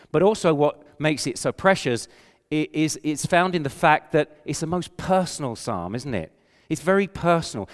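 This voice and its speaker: Older man preaching in an echoing hall. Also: mid-range voice. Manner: earnest, slows and softens on quoted verses. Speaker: pastor. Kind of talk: sermon. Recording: reverberant hall.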